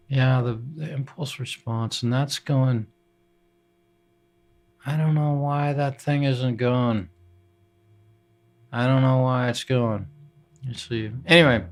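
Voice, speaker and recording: A man streaming live from his home studio, chatting casually and thinking aloud with many fillers and restarts while troubleshooting his setup. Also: mid-range voice.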